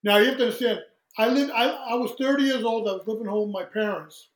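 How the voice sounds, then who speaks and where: A man telling lively stories as a guest in a casual interview, acting out what people said and laughing often. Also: extremely high pitch, quick pace, reverberant, low-quality recording. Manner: animated storyteller who acts out quoted voices, laughs often. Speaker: guest, singer.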